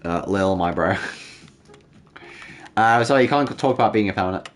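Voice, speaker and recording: A man's voice: on the low side, moderate pace, faint music behind. A man hosting a casual livestream, bantering and joking with chat, with frequent restarts. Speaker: livestream host.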